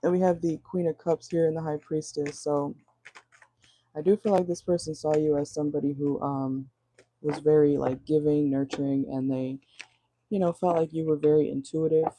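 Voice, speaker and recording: A woman's voice: deep voice, fairly even intonation, normal speed, long pauses, dark tone, a little hiss or hum. A woman giving a casual tarot reading from her car, chatty and blunt, laughing often and swearing freely. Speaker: tarot reader.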